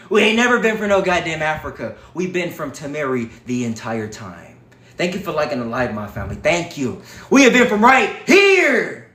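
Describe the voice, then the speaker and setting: Guy on a phone livestream, high voice, preachy and cussing, echoey room. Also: brisk. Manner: animated, profane, preachy. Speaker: livestream host. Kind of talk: casual livestream talk.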